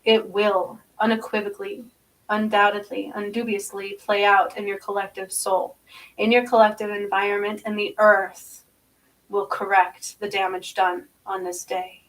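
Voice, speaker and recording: A woman's voice: mid-range voice, little pitch movement, moderate pace, fairly bright tone, distant mic, rough recording. A woman channeling spirits aloud in an intense, repetitive monologue, often asking listeners if they understand and chanting strings of strange syllables. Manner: speaks with eyes closed, asks listeners if they understand.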